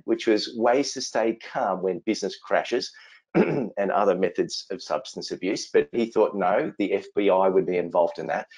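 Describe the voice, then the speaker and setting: A man's voice: sits low, darkish tone, slightly rough, poor audio. A man with an Australian accent presents a webinar in an upbeat, joking way. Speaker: webinar presenter, innovation consultant. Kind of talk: presentation with jokes.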